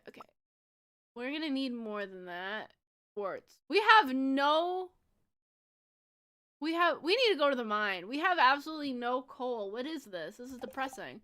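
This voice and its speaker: Bright, high-pitched young woman streamer. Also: sing-song, unhurried, pauses often, slight background noise. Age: 20s. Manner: bubbly, giggly, rambling with many fillers. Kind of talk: casual livestream chat while gaming.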